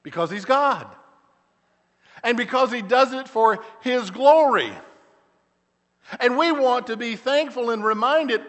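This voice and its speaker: A middle-aged man, a pastor preaching a sermon, telling stories with frequent restarts and shifting between loud emphatic lines and quiet, slow asides. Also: sits high, lively intonation. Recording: church hall with long reverb.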